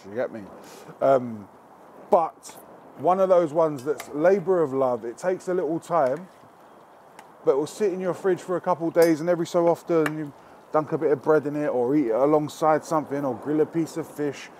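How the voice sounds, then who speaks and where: A man's voice: fairly high pitch, moderate pace, darkish tone, a little hiss or hum. Cheeky, sweary man cooking. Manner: cheeky, sweary, talks straight to camera. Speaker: cooking show host. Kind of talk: casual cooking demonstration. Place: outdoor cooking spot with barbecue.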